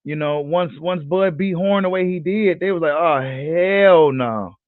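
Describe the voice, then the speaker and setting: Guy ranting on a boxing stream, cussing a lot, repeats himself, kinda high voice, tinny phone-ish audio. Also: moderate pace, dry recording. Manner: animated, profane, slangy, repeats himself. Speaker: boxing channel host. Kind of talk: casual livestream chat reading comments.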